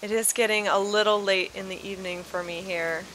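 A woman's voice: mid-range voice, fairly even intonation, brisk, a bit bright, slight background noise, poor audio. A woman hosting a video tour of a game island, gushing and exclaiming over what she sees, a little sleepy. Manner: gushing, effusive, exclaims often. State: sleepy, yawning. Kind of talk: casual gameplay commentary. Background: background music.

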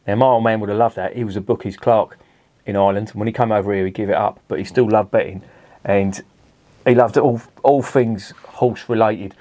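A man's voice: on the low side, steady tone, brisk, warm tone. A middle-aged man, reviewing a beer in a casual, rambling and sweary way at home.

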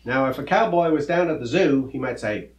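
A man's voice: mid-range voice, animated, brisk, roomy sound, natural voice. A man playing a good-natured cowboy teacher who explains word parts with a folksy drawl and corny jokes. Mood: friendly. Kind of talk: children's comedy skit.

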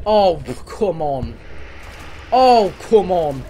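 A young man with a notably high voice, commenting on a horror game as he plays. He jumps and screams easily and repeats short phrases in nervous bursts. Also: normal speed. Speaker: gaming YouTuber.

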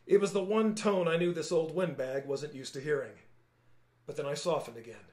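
A man, the author, reading his own novel aloud in calm, measured first-person narration. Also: fairly high pitch, roomy sound. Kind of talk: audiobook-style narration.

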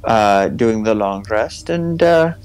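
Slow, halting man playing a tabletop game. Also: fairly low pitch, lively intonation, a little mellow, smooth, faint music behind, rough recording. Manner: halting, many pauses and fillers. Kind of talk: in-character party planning.

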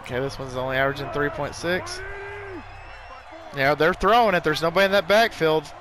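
A young man giving excitable live commentary while playing a football video game, full of exclamations and mild curses. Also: fairly high pitch, brisk, over music. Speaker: gaming YouTuber.

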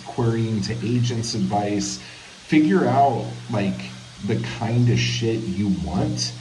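A man speaks slowly and casually to a handheld camera, loose and profane in his wording. His voice is low and mellow. The sound is echoey and comes from some distance off the mic. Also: slight background noise. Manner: loose, profane, conversational, apologetic. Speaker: writing channel host. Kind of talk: casual vlog talk to camera.

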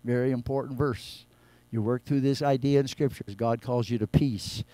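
A male pastor preaching a sermon, moving between quiet low scripture reading and loud, raised exhortation. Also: steady tone, normal speed, no room sound. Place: church.

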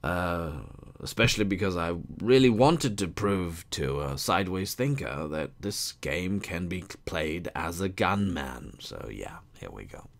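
A man's voice: low voice, lively intonation, unhurried, creaky. A man chatting casually to his channel's viewers, hesitant and full of filler words, with a dry sense of humor. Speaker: YouTube gamer and whisky vlogger. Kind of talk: casual chat to camera.

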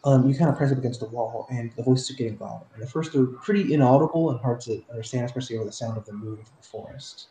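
A man's voice: medium pitch, very fast, few pauses, mellow, a little hiss or hum. Brief: male game master, casual narration, roomy sound. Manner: descriptive, with fillers.

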